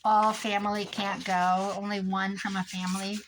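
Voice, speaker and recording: A woman's voice: medium pitch, flat delivery, moderate pace, a little hiss or hum, low-quality recording. An older woman from Iowa, chatting casually in a rambling, storytelling way while she works on a craft project. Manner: rambling, chatty, trails off into stories. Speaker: crafting vlogger.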